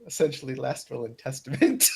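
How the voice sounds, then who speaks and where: A man playing a tabletop game, talking in an easygoing, halting way. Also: mid-range voice, big pitch swings, vocal fry, breathy edge. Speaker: player. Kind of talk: tabletop role-play.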